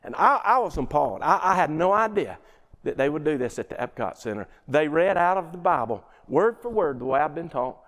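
A man's voice: fairly high pitch, big pitch swings, fairly quick, fairly bright tone. A middle-aged man giving a workplace talk on communication. He tells folksy stories and asks the audience questions. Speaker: workshop speaker. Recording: hall with long reverb.

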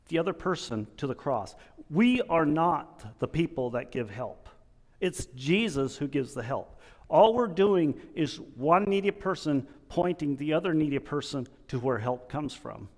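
A man preaching a sermon in an earnest, halting way, restarting his sentences often. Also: fairly high pitch, very animated, long reverb tail.

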